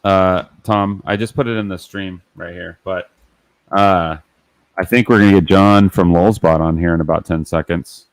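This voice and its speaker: A man's voice: low-pitched, fairly even intonation, moderate pace, dry recording. A man hosting a casual livestream, chatty and rambling with fillers. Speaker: livestream host.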